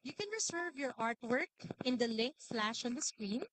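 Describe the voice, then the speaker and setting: A woman's voice: fairly high pitch, lively intonation, moderate pace, a bit bright. A woman hosting an event in a hall, giving announcements with some hesitation. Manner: hesitant, with fillers and repeats. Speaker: event host.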